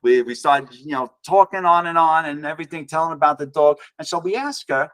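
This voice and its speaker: A man's voice: fairly high pitch, fairly quick, hardly any pauses, fairly bright tone. A man, an author and guest speaker, telling a personal story with wry humor, often restarting and acting out quoted voices. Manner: rambling, self-correcting, acts out quoted voices.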